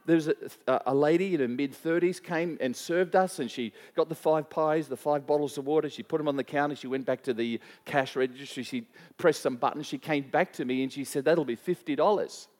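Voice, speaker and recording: Pastor preaching in an echoing hall. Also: male voice, a little high, darkish tone. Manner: conversational, many restarts, asks the congregation questions. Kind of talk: sermon with storytelling. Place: church hall. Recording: long reverb of a church hall.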